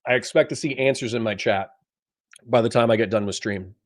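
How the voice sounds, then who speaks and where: Male livestream host, mid-pitched, blunt, profane, chatty delivery. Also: brisk. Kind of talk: livestream reading chat.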